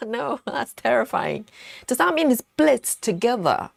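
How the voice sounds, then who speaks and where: A woman's voice: a little high, sing-song, measured pace, creaky, dry recording, studio quality. A woman hosting a casual live stream, chatting and giggling as she reads viewer comments aloud. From United Kingdom.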